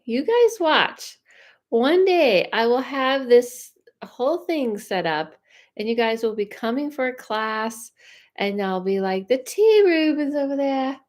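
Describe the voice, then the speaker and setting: On her livestream, a psychic medium with a mid-range voice talks at length, rambling casually while offering viewers quick readings.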